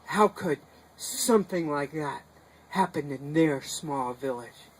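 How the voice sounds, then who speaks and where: Unhurried male storyteller with dramatic pauses. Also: on the high side, low-quality recording. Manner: dramatic, animated, with sudden shifts in loudness. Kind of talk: live folk storytelling to a small group. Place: sukkah, a small outdoor booth.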